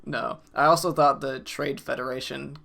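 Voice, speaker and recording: A man's voice: medium pitch, fairly even intonation, normal speed, creaky, bright, forceful tone. A man in his twenties, co-hosting a casual movie review, talking in a laid-back way. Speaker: co-host of a movie review show.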